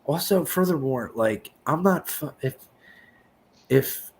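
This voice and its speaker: A man's voice: on the high side, animated, slight background noise. A man co-hosting a podcast, in crude, rambling casual banter, often acting out quotes. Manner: profane, rambling, quick to act out quotes. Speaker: podcast co-host.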